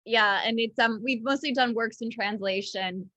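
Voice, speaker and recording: A woman's voice: a little high, moderate pace, pushed and bright, no echo, poor audio. Rambling woman author, lots of "like". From United States. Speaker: author guest. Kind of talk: casual interview chat.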